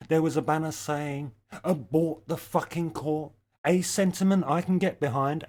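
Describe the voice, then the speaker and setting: A middle-aged man delivering a scripted satirical rant in a sardonic, profane, deadpan way. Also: a little high. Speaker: comedy ranter.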